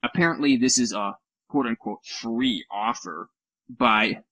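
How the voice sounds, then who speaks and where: A man's voice: medium pitch, measured pace, bright, forceful tone, dry recording, highs cut off. Sarcastic man with a dry close sound. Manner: sarcastic, mocking with silly put-on voices, swears. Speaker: podcast co-host. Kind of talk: casual chat over a call. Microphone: computer mic on a voice call.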